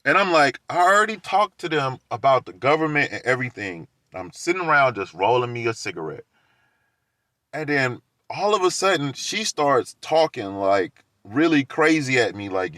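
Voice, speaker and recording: A man's voice: fairly high pitch, animated, moderate pace, a bit bright, no room sound, studio quality. A man telling a rambling story in a casual monologue, laughing between lines and acting out the quoted exchanges.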